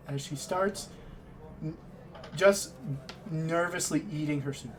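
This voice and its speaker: A man narrating a tabletop game as game master, halting and restarting as he describes the scene. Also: a little high, a little hiss or hum.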